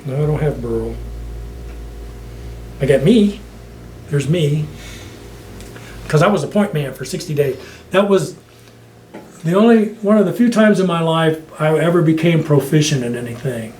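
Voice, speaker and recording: A man's voice: fairly high pitch, expressive, moderate pace, long pauses, darkish tone, slight background noise. An older man, a veteran interviewee, rambling through stories in an oral history interview and laughing often. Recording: echoey room with faint ambience.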